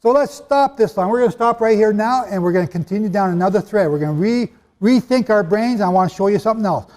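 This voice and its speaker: He talks fast in a high, slightly mellow voice. It's a sermon-style teaching for a live audience in a large hall, delivered emphatically and conversationally with questions for the listeners, captured with long hall reverb.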